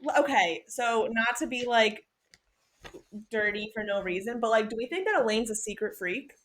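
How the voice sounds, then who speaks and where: A young adult woman co-hosting a podcast, recapping a book in casual chat, animated and sweary, acting out the characters' lines. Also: on the high side, normal speed. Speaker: podcast co-host.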